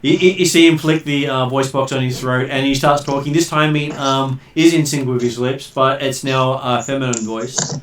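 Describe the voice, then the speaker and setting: A man's voice: medium pitch, steady tone, moderate pace. A man narrating as game master, hesitant, with many ums and uhs. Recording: roomy, distant mic.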